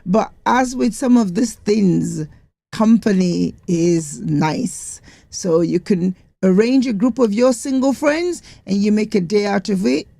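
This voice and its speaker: Slow, gravelly-voiced woman. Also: medium pitch, lively intonation, dark tone, no room sound. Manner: slow, careful and hesitant. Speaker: co-host. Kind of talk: casual chat.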